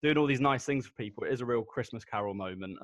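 A man's voice: medium pitch, fast talker, no room sound. A man hosting a casual podcast chat, retelling scenes and leading the talk. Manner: leads the talk, retells scenes with quoted lines.

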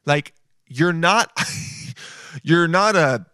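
A man's voice: a little high, animated, drawn-out words, pushed and bright, clear, resonant tone, no echo, clean studio sound. A young man hosting a casual comedy podcast, crude and mocking, often slipping into silly voices. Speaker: podcast host.

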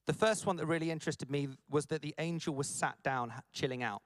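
Male preacher, high-ish voice, dry close sound, playful delivery. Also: fast talker, dry recording. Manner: animated, jokey, acts out quoted lines. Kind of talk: conference sermon.

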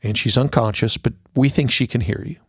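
A middle-aged man hosting a podcast, telling a personal story earnestly and going quiet at the sad parts before a holiday message. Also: medium pitch, steady tone, fairly quick, breathy edge, no room sound, studio quality. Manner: earnest storyteller, drops to a hushed tone at sad moments. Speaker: podcast host.

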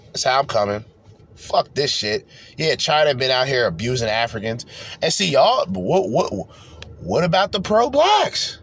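A man hosting a podcast, ranting profanely as he reacts to video clips in bursts of loud, rambling talk. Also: mid-range voice, very animated, a little slow, breathy edge. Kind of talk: profane reaction commentary rant.

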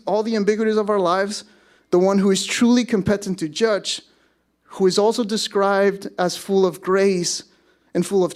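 A man's voice: high-pitched, darkish tone. A man preaching a sermon to his congregation, conversational, with self-deprecating asides. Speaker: pastor. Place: church service.

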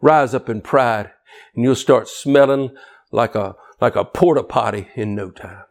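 A man preaching a sermon in a folksy, joking way, swinging from quiet low asides to loud shouting. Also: measured pace. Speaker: pastor.

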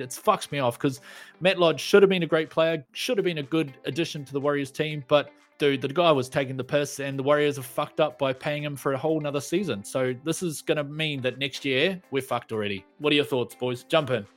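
Kiwi guy ranting hard about his footy team, swears a lot, highish voice, music under it. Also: fairly quick. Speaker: podcast co-host. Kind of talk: casual sports podcast chat.

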